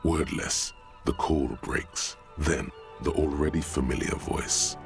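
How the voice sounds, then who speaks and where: A man delivering measured, commanding scripted narration for a video game. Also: extremely low pitch, steady tone, music in the background, full character voice.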